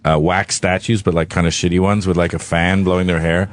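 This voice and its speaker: A man telling a long story on talk radio, rambling, profane and animated. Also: sits low, fairly quick. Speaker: studio guest.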